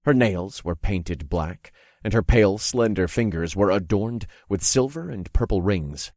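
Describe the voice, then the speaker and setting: A man narrating a story in the first person in a calm, descriptive, measured way. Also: fairly low pitch, no echo, studio quality.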